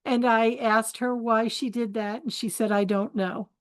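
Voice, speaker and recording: A woman's voice: on the high side, steady tone, a little slow, no echo. An older woman hosting a spiritual forum, telling family stories in a chatty, candid way and turning them into life advice. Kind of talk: storytelling talk.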